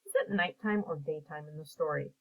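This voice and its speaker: Breathy woman reading a picture book aloud. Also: sits low, brisk, poor audio.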